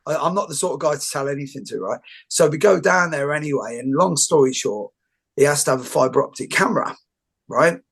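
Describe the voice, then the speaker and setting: A man's voice: on the high side, a little fast, gravelly, a bit bright, slightly rough. A man interviewing a guest, telling long jokey stories in a casual chat. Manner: rambling storyteller, jokey asides.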